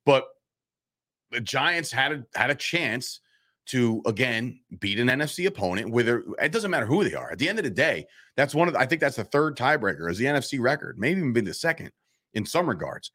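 A man's voice: medium pitch, very animated, a little fast, fairly bright tone. A man co-hosting a casual football talk show, ranting animatedly and swearing freely. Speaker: sports podcast co-host.

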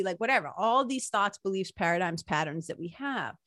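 A woman's voice: mid-range voice, a little fast, few pauses, dry recording. Chatty woman with a dry close sound. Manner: chatty, animated, lots of "like" and "right?". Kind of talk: casual spiritual talk.

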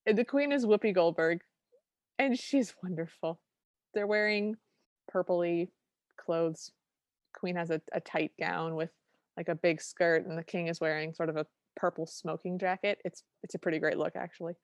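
A woman's voice: fairly low pitch, fairly even intonation, normal speed, no echo. A woman co-hosting a podcast, recapping a film in casual chat and acting out quoted lines with enthusiasm. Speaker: podcast co-host.

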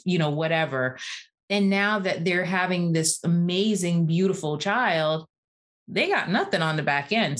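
Woman in her 40s, podcast guest, fired-up and talkative, slightly low voice. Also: a bit bright. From Atlanta area, USA. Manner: passionate, talkative, uses "y'all". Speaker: guest, physical therapist. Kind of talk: casual interview conversation.

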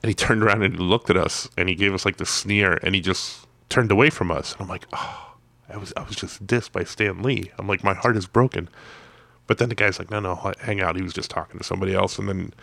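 A man's voice: low-pitched, fairly even intonation, fast talker, vocal fry, sharp tone, no echo. A man, a comic artist guest, telling casual anecdotes in a rambling way with many restarts. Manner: rambling, self-repeating storyteller.

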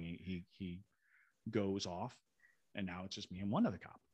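A man's voice: on the low side, moderate pace, long pauses, no room sound. A man from Savannah, Georgia, animatedly telling a story as a podcast guest and acting out other people's voices. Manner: animated, acts out quoted voices. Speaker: guest, paranormal investigator.

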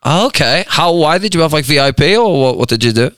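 Brief: young Australian male co-host, bright, close-miked, teasing banter. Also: a little high, animated, quick pace, clean tone, dry recording. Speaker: podcast co-host. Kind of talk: casual chat.

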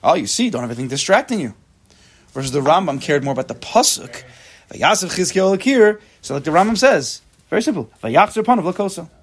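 A man teaching a Talmud class, thinking aloud with quick restarts and reading text out loud. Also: a little high, sing-song, husky. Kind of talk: casual shiur teaching.

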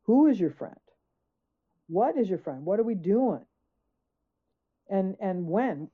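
A woman speaking as a guest author, telling her story with emphasis and acting out her own questions in quotes. Her voice comes through a narrow, tinny line like a phone call, at an ordinary middle pitch. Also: expressive, slow pace, long pauses, slightly rough. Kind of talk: conversational storytelling.

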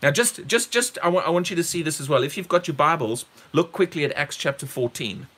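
Male preacher, higher voice, lively swooping delivery, emphatic with quiet asides. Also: a little fast, husky. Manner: emphatic, repeats words, rises sharply on key phrases; drops low and quiet for asides. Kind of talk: sermon.

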